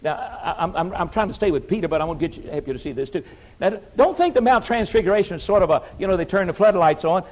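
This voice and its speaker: Preacher man, fairly high voice, folksy and emphatic sermon delivery, muffled recording. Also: animated, quick pace. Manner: folksy, emphatic, swings from loud exclamations to low asides.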